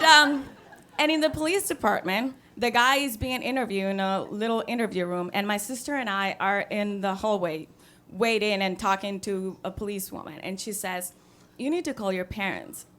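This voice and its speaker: A young woman, telling a true story on a stage with wry humor and acted-out voices. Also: on the high side. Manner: animated, wry and self-mocking, acting out the voices. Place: theatre stage.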